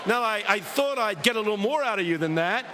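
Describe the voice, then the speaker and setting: High, lively preacher in a hall. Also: male voice, fairly quick, a little hiss or hum. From United States, Philadelphia. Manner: animated, comic delivery building to shouted preaching. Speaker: preacher and guest speaker. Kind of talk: humorous storytelling sermon. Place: large hall with a live audience. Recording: reverberant hall, faint ambience.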